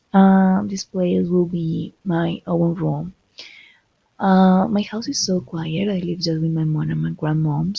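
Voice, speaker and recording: A woman student answers a speaking practice question slowly, stopping often to search for words. Her low voice has a gravelly fry and sounds husky. The recording is dull and lo-fi, with a dark tone. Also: dry recording. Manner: hesitant, many fillers.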